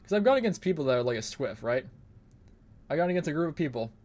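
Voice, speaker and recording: A man's voice: on the high side, very animated, fast talker, a little mellow. Profane rambling male game streamer. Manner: rambling, profane, laughs often. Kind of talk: casual gaming commentary.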